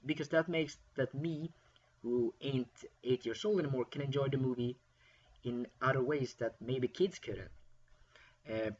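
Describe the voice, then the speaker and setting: A man's voice: mid-range voice, husky, muffled recording. A man giving a casual, rambling film review, with frequent fillers and restarts.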